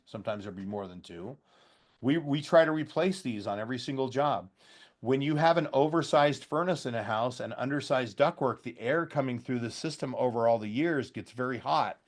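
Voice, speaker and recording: Folksy man giving a sales training talk. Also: mid-range voice. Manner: folksy, loose and conversational, acts out customer dialogue. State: a slight cough. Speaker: trainer for heat pump contractors.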